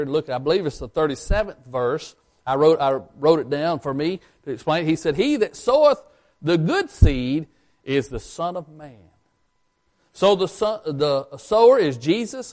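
A man's voice: a little high, a little mellow. A man preaching a Bible sermon with emphatic delivery, asking the congregation questions and answering them himself. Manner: emphatic, rising and falling, asks the congregation questions.

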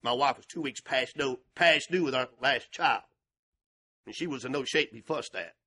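An older male pastor preaching with passion, swinging between shouted and hushed delivery. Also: mid-range voice, normal speed, a little hiss or hum. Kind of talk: sermon.

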